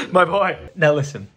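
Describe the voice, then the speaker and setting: A man in his thirties chatting casually and jokily as he films a home vlog. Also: high voice. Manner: chatty, animated, jokey. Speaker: vlogger.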